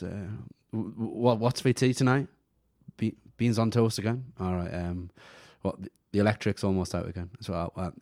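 A man's voice: low voice, darkish tone, no echo, studio quality, voice pushed down. A man playing a timid young man who stammers and mumbles apologies. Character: timid young man scolded by his mother.

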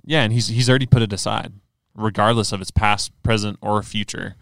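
A man's voice: on the low side, fairly even intonation, brisk, fairly bright tone, no echo. A man co-hosting a podcast, explaining religious ideas earnestly in casual chat with many fillers. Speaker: podcast co-host. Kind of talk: casual faith discussion.

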